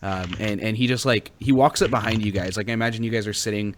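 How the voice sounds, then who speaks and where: A man's voice: fairly low pitch, fairly even intonation, fast talker, slight background noise. A young man narrating as game master in a rambling, filler-heavy way. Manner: rambling, full of fillers and restarts.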